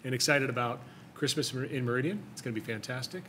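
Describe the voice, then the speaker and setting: A man's voice: mid-range voice, fast talker, sharp tone. An easygoing man on a city council gives a light, joking update at a meeting. A faint hum of the room stays under his voice.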